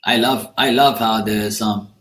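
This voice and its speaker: A man's voice: fairly low pitch, fairly even intonation, measured pace, fairly bright tone. A man, the host of a tarot live stream, chatting casually and rambling while he answers viewers' comments by name. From Bermuda. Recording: echoey room.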